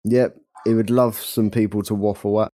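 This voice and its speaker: A man's voice: lowish voice, little pitch movement, normal speed, dark tone, no echo, studio quality. A young man with a London accent, co-hosting a podcast in easygoing, jokey chat. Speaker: podcast co-host. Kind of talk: casual chat.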